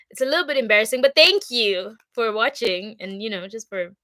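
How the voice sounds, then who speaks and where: A woman's voice: fairly high pitch, animated, a little fast, fairly bright tone. Chatty young woman streaming live. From Congo. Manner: chatty and upbeat, many fillers. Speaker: content creator. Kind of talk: casual livestream chat.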